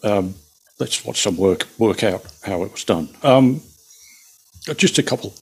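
A man co-hosting a casual chat, hesitant with many pauses and restarts. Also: on the low side, a little mellow, husky. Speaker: podcast co-host.

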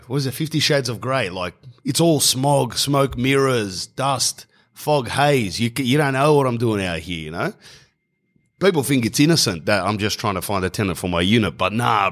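An Australian man telling a rambling, slangy comic story, often correcting himself mid-sentence. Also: medium pitch. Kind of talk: comedic storytelling monologue.

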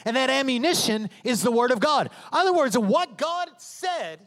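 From the stage of a reverberant sanctuary, a pastor preaches at normal speed in an expressive, high and bright male voice. His sermon is emphatic and conversational, and he slips into his congregation's voices and prayers.

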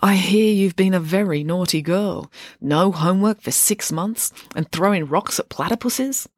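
A woman's voice: fairly low pitch, moderate pace, dry recording, clean studio sound, pitched above the performer's own voice, natural voice. Woman doing a smug young male tutor. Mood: teasing. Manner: smirking, teasing, idealistic lecturing. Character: smug, bookish eighteen-year-old male tutor.

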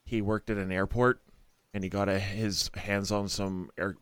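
A man's voice: fairly low pitch, little pitch movement, normal speed, a bit bright, dry recording. A man chatting casually on a podcast, telling jokey stories and laughing often. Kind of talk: casual chat.

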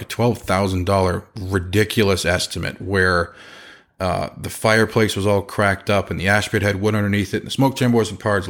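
A man with a fairly low voice tells a loose, rambling story about his trade. He talks casually, restarts his sentences and leans into the telling. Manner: lively, acts out other people's lines in changed voices. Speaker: chimney company owner.

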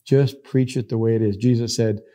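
Middle-aged guy preaching on the bible, warm dark tone, keeps repeating his point. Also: mid-range voice, fairly even intonation, brisk. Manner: emphatic, repeats key phrases, acts out quoted speakers. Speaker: Bible teacher. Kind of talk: sermon teaching.

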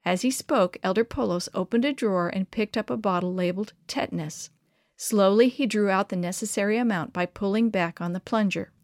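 A woman reading a children's story aloud in an expressive, measured way. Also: mid-range voice, dry recording, studio quality.

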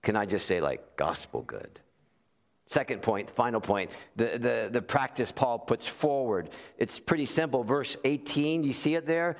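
A man's voice: on the high side, moderate pace. A man preaching a sermon as pastor, earnest and conversational, who repeats key phrases for emphasis. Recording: long reverb in a large hall.

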